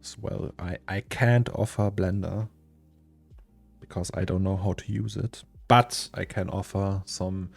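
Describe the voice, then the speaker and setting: Slow, gravelly man streaming. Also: deep voice, steady tone. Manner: rambling, musing aloud to himself and chatting to viewers. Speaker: 3D artist streaming his work. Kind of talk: casual live-stream chat while working. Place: home office. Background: faint lo-fi music.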